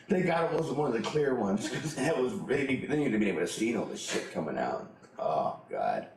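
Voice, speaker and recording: A man's voice: medium pitch, big pitch swings, normal speed, gravelly, roomy sound, rough recording. A middle-aged man telling a personal story in a blunt, profane way, laughing often as he goes. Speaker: interviewee.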